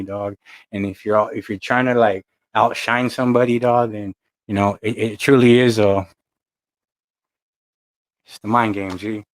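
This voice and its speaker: A man's voice: medium pitch, dry recording. A young man, chatting casually to his channel and rambling through stories in loose street slang. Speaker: channel host. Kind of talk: casual chat to camera.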